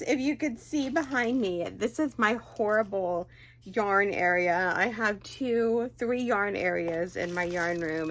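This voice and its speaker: A woman's voice: mid-range voice, fairly bright tone. A middle-aged woman hosting a crochet channel, chatting casually as she unboxes gifts at home, gasping and gushing with delight. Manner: gushing, gasps and squeals with delight. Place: home craft room.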